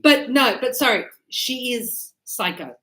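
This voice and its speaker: A woman's voice: fairly high pitch, lively intonation, a little slow, reverberant, crowd noise. A middle-aged woman teaching a grammar lesson to a class, acting out little scenes with voices as examples. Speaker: English teacher.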